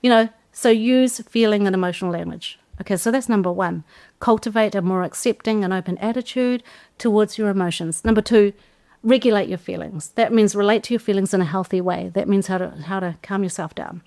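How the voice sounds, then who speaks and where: A woman's voice: medium pitch, a little fast. A woman, a Christian life coach, giving a teaching talk and acting out example phrases as she goes. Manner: acts out example phrases, animated.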